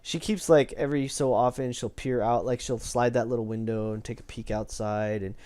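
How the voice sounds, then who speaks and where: A man's voice: medium pitch, steady tone, fairly quick, mellow, no room sound. A man narrating as game master, hedging and rambling as he describes the scene.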